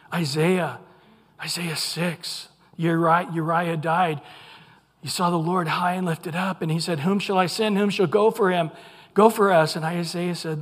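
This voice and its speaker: Man, preacher, sermon, husky, fairly high voice, animated, long hall reverb. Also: measured pace. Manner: animated, acts out quotes in small voices. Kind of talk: Bible teaching sermon.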